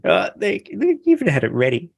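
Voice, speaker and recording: A man's voice: on the high side, huge pitch swings, brisk, gravelly, darkish tone, no room sound. A man hosting a podcast interview, chatty and joking with lots of fillers. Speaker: podcast host. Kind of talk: casual interview chat. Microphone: podcast microphone.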